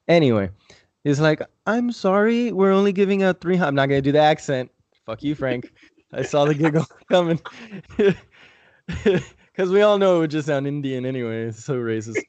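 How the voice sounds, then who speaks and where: A man's voice: mid-range voice, a little mellow, no room sound. A young man telling a long story on a podcast in a casual, rambling way, swearing often. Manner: profane, rambling, laid-back. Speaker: podcast host.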